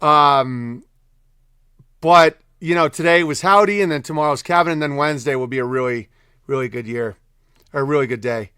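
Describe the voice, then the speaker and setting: A man's voice: fairly high pitch, sharp tone, clear, resonant tone, no echo, studio quality. A man hosting a livestream, reading out viewer messages and chatting loosely, often laughing and rambling. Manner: loose, rambling, laughs often, shifts between quick and drawn-out phrasing. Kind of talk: casual livestream chat.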